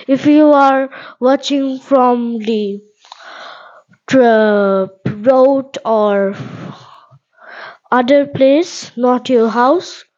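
A woman hosting a spoken English lesson podcast, talking in halting, repetitive simple phrases and checking in with "okay?". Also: on the high side, darkish tone, dull audio. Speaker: podcast host and English teacher.

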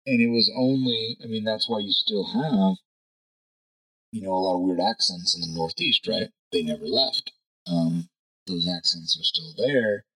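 A man's voice: low voice, unhurried, sharp tone, rough recording. A man talking casually through his views in a rambling monologue, thinking aloud and checking in with "right?" as he goes. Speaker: podcast host.

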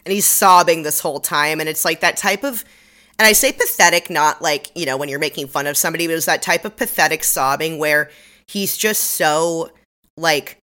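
Low-voiced, bright-toned woman podcaster. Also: normal speed. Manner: emotional, swears freely, retells scenes with quoted lines. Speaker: podcast co-host. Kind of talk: casual recap chat.

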